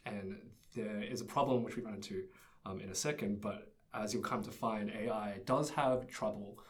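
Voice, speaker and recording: A man's voice: on the low side, fairly even intonation, moderate pace. A young man telling a story in casual chat, easygoing and laughing often. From Australia. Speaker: presenter.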